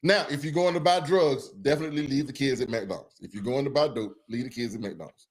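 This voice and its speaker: A man co-hosting a podcast in casual chat, earnest and quick to laugh, often restarting his phrases. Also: mid-range voice. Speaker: podcast co-host.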